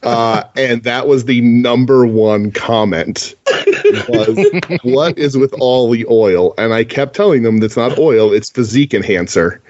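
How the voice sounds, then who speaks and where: A man guests on a podcast, casually telling a family story in a middle-pitched voice. The recording is slightly dull and lo-fi. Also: unhurried, darkish tone. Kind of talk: casual chat.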